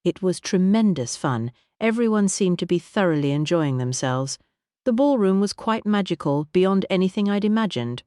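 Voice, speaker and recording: A narrator voicing Percy, a well-bred lady archaeologist who talks in a cheerful, animated way. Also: medium pitch, moderate pace, clean tone, no room sound, studio quality, voice pushed up, lightly acted. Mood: delighted. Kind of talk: audiobook character reading.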